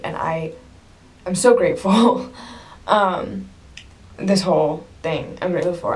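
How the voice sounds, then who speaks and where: A young woman vlogging casually to camera, gushing and rambling with lots of "like" and "literally". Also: fairly low pitch.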